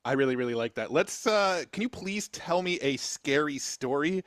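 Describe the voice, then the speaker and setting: A man in a casual tech video, playfully giving quick commands to a voice assistant. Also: fairly high pitch, lively intonation, fairly bright tone, no echo, clean studio sound. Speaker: tech video creator testing an AI. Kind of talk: casual on-camera experimenting.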